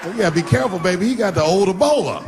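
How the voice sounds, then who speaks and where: A man in his fifties doing a stand-up routine on stage, swinging from loud bursts to low mutters. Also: lively intonation, rapid-fire. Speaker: stand-up comedian. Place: stage before a live audience. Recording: live show with loud crowd noise. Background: audience laughter.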